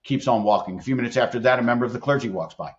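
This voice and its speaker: Speaking rapid-fire in a mid-range voice, this middle-aged employment attorney and leadership expert tells stories with emphatic earnestness as a podcast guest. The high frequencies are cut off in this conversational interview.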